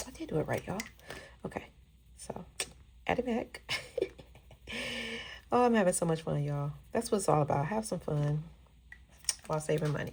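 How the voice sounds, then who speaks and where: A chatty woman, talking casually with viewers while she counts bills aloud. Her mid-pitched voice has a gravelly edge. The recording carries steady background noise. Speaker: budgeting vlogger. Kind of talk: casual cash-stuffing vlog chat.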